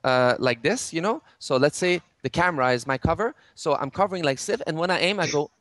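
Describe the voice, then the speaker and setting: A man's voice: a little high, animated, fairly quick, a bit bright, no room sound. A middle-aged man, a game studio head in an interview, explaining game mechanics with many restarts and fillers.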